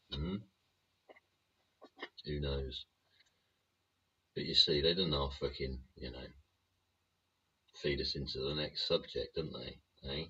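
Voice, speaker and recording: Host, very low, husky and punchy, swears nonstop in a rant, dull lo-fi sound. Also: male voice, sharp tone. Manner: swears constantly, rhetorical tag questions. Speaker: show host. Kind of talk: profane political rant monologue.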